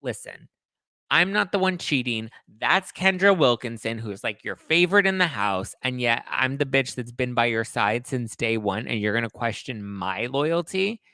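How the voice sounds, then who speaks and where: A man's voice: mid-range voice, animated, normal speed, bright, forceful tone, no room sound. A man voicing an exasperated young woman in a gossipy retelling, raising his voice into a sassy, mocking register. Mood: indignant.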